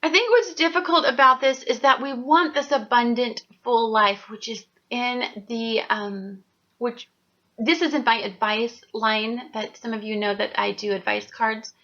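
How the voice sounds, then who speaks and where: A woman's voice: a little high, fairly even intonation, a little slow, bright, forceful tone. A woman vlogging about astrology and tarot in a blunt, profane rant that keeps flaring into heated outbursts. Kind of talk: ranting spiritual vlog. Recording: dull lo-fi sound.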